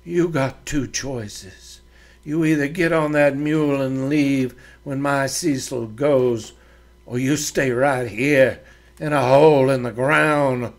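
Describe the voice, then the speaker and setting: A man's voice: medium pitch, fairly even intonation, slow. A man voicing a blunt, tough frontier ranch wife. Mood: threatening. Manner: blunt, threatening, rural drawl.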